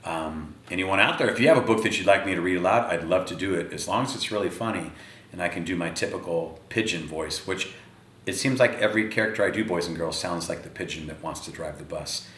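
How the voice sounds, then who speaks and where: A man reading a picture book aloud to children, speaking to them directly in an animated way. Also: sits low, fast, a little hiss or hum. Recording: echoey room.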